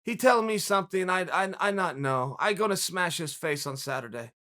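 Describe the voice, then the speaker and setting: A man puts on a menacing male fighter with a low, quiet voice. He speaks in blunt, broken English and makes short threats. The voice sits well below his normal pitch. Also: animated, moderate pace.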